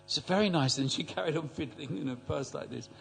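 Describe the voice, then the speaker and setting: Older man, somewhat high voice, halting storytelling, repeats words. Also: vocal fry, a bit bright, breathy edge. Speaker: class attendee. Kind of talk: storytelling in a group class.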